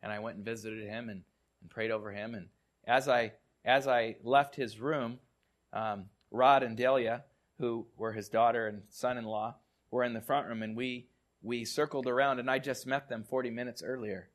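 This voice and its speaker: A man preaching a sermon in a mid-range voice and telling stories. He often repeats words as he speaks. He drops to soft, quiet tones for the serious parts. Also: medium pitch, fairly even intonation, moderate pace. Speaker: pastor.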